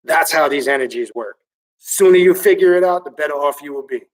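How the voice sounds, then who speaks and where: A man hosting a livestream, reading viewer comments and ranting in an excitable, animated, profane way. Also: a little high, brisk, far from the mic, low-quality recording. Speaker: occult channel host reading viewer comments.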